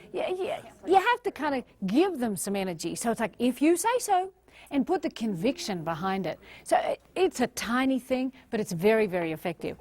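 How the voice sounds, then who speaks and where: A middle-aged woman with an Australian accent gives a motivational seminar talk in an animated, emphatic way. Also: a little high. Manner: animated, emphatic, acts out little scenes. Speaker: motivational speaker.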